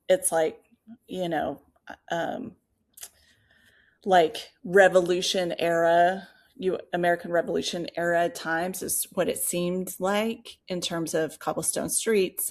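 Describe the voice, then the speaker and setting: A woman co-hosting a podcast, telling a personal story in casual chat, animated and full of fillers and asides. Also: fairly low pitch. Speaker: podcast co-host.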